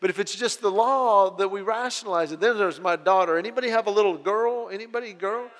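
A middle-aged pastor preaches a sermon in a high, fairly bright voice, talking fast. He tells family stories and acts out his kids' voices, with a long hall reverb on the recording.

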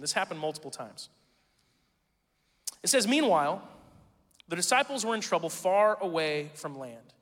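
A man preaching a sermon in a church, joking and conversational, swinging between loud emphasis and hushed tones. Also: on the high side, big-room sound. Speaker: pastor. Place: church sanctuary.

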